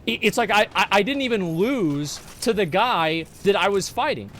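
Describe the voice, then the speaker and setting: A man streaming a video game live, frustrated and profane, arguing with his chat and bursting into shouts between muttered lines. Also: high voice, lively intonation, moderate pace, slight background noise. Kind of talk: live gameplay commentary, talking to chat.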